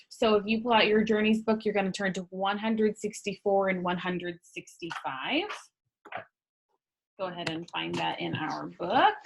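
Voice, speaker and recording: Young female grade-school teacher, remote class, cheerful step-by-step explainer. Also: medium pitch. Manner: upbeat, patient, explains step by step. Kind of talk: remote lesson to young students.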